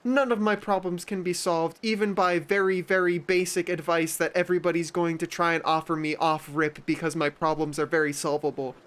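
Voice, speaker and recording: A man's voice: fairly high pitch, little pitch movement, fairly quick, hardly any pauses, fairly bright tone, clear, resonant tone, pitched above the performer's own voice, close to an everyday voice. A man doing a whiny, self-pitying attention seeker. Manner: mopey, pleading, melodramatic.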